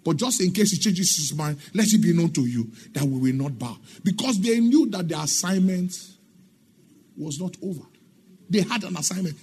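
A man's voice: sits high, lively intonation, normal speed, a little mellow, breathy edge. A middle-aged man preaching a sermon in an emphatic, sing-song way, asking the congregation questions and acting out the dialogue in his stories. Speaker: pastor.

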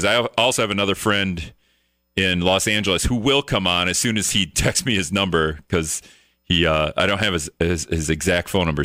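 A man's voice: low-pitched, bright, forceful tone, dry recording, clean studio sound. A man hosting a live talk radio show, chatting casually on his own, rambling, correcting himself and joking with sarcasm.

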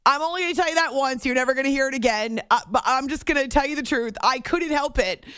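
A woman hosting a sports radio show, telling a story on air in a chatty, animated way that often breaks off mid-sentence. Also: high-pitched, fast, no echo, clean studio sound. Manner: chatty, animated, self-interrupting. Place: radio studio. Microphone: studio microphone.

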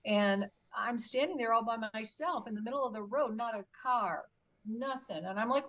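A woman's voice: on the high side, normal speed, poor audio. An older woman, a guest on an interview, telling a story vividly and acting out what people said. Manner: animated storyteller who acts out her own quotes. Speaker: guest, UFO experiencer.

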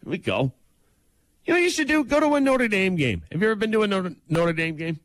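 A slightly high-voiced man co-hosts a morning radio show, teasing his partner with a lively, wide-ranging delivery. The mic sound is dry and close. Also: fast talker, no echo. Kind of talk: casual chat.

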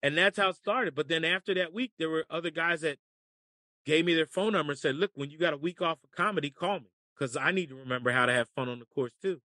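An American man tells stories for an interview, acting out the voices in them and laughing along with the punchlines. His voice is bright and fairly high for a man. The recording sounds dry and close. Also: fast talker, no room sound. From United States. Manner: animated storyteller acting out voices, laughing often. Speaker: caddie and broadcaster. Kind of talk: storytelling in a podcast interview.

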